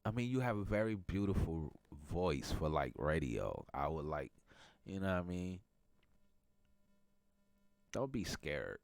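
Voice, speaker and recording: A man's voice: sits low, expressive, moderate pace, darkish tone, no room sound. A middle-aged man with a stuffy nose from a cold, hosting a casual morning talk show in a playful, teasing way. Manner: playful, teasing, laughs a lot. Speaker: podcast host.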